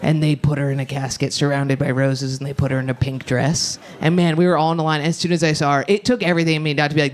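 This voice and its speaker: A woman performing a brash, fast stand-up set, talking with the crowd on a club stage. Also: low voice, flat delivery. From United States. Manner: brash, rapid, often shouting and laughing. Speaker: stand-up comedian. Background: audience laughter.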